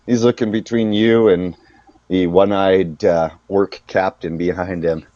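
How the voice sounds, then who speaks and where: A man narrating as game master of a tabletop game, halting and searching for words, laughing easily. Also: sits low, fairly even intonation, dark tone. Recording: dull, muffled, dry sound.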